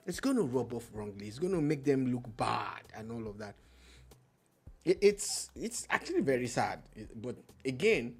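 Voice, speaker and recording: A man's voice: medium pitch, very animated, normal speed, darkish tone, slightly rough. Earnest Nigerian man, hesitant co-host. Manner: earnest, hesitant with restarts and stammers. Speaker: radio show co-host. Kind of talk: casual news discussion.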